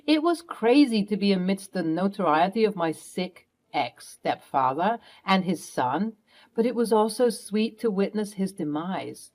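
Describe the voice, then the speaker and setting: A woman's voice: medium pitch, a little mellow. Young woman narrating a dramatic story. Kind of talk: first-person story narration.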